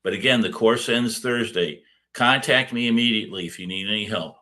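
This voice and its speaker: A man's voice: fairly low pitch, a little fast, sharp tone. A middle-aged man giving a casual recorded lecture as a course instructor, rambling with many fillers and restarts.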